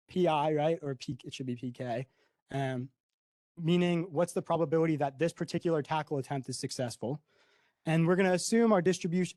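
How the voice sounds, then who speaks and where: A man's voice: a little high, dark tone, dry recording. A young man giving a conference talk, explaining slides casually with frequent ums and a questioning "right?". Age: young adult. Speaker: conference presenter.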